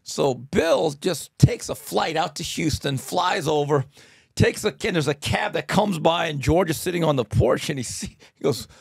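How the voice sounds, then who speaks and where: Male podcast host, animated storyteller, slightly high and raspy. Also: moderate pace, no echo, studio quality. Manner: animated storyteller, acts out quotes loudly. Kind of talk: casual storytelling chat.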